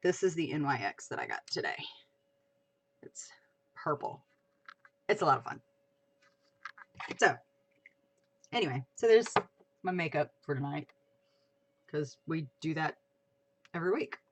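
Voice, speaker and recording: A woman hosting a casual livestream chat, chatty and expressive, swearing casually. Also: sits low, unhurried, long pauses. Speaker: livestream host. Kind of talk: casual chat about fan fiction.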